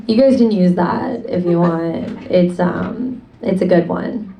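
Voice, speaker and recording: A woman's voice: lowish voice, normal speed, lo-fi sound. A young woman with a Rochester, New York accent, doing a rambling, self-deprecating stand-up set and chatting with the crowd. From upstate New York. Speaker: stand-up comedian. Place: comedy club. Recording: distant mic, loud crowd.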